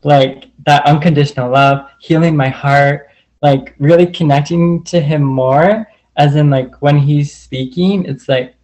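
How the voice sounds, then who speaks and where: A man's voice: fairly high pitch, fairly even intonation, unhurried, a little mellow, low-quality recording. A man sharing personal stories in a casual, earnest way, rambling and leaning on the filler "like" over and over. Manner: rambling, heavy use of "like" fillers; earnest and open.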